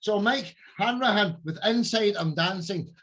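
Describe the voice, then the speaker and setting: A man's voice: high voice, measured pace, a bit bright. A man hosting a music podcast, chatty and effusive as he introduces guests. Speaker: podcast host. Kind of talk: casual podcast chat.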